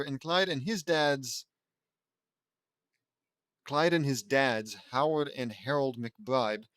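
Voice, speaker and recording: A man's voice: fairly high pitch, a bit bright, clean tone, no room sound. A man reading his own fan fiction aloud in a casual way, stumbling and slipping in wry asides. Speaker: reader.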